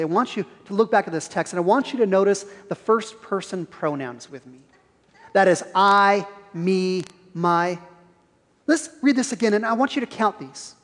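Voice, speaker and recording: A man's voice: high voice, lively intonation, normal speed. A man preaching a sermon in a church, earnest and probing, asking the congregation pointed questions. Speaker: pastor. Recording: reverberant church hall.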